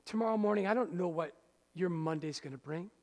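A male pastor preaching a sermon, swinging from loud rousing lines to hushed soft ones and asking the congregation questions. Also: sits high, fairly quick. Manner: speaks straight to the congregation with questions. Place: church hall. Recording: hall reverb.

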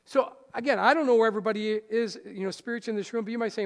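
A male pastor preaching a sermon, swinging from loud rousing lines to hushed soft ones and asking the congregation questions. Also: high voice, very fast. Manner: speaks straight to the congregation with questions. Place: church hall. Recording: hall reverb.

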